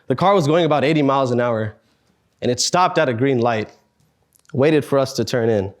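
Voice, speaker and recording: Man, 20s, earnest halting storytelling talk, middle pitch, pauses and sighs. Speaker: speaker at a student fellows meetup.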